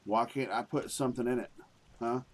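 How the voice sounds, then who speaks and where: A man's voice: mid-range voice, steady tone, brisk. A man chatting casually and profanely while streaming a game. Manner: rambling, profane, easygoing. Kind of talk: casual live-stream chat.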